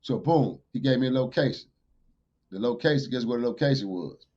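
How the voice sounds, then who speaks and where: A man, a podcast guest, telling a street story in animated fashion. He swears freely and gets loud whenever he quotes himself. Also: mid-range voice, brisk, dull audio. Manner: profane, loud bursts when quoting himself.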